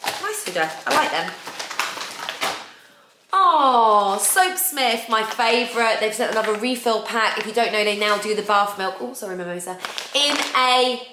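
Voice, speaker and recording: A woman's voice: fairly high pitch, a little slow. Chatty english woman gushing over makeup, echoey room, bit of hiss. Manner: gushing, chatty, enthusiastic about products. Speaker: beauty vlogger host. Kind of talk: casual unboxing chat. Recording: echoey room with faint noise.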